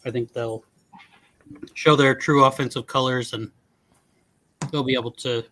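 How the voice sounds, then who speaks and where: Man, casual sports talk, calm, reasoned, mid pitch. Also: measured pace, poor audio.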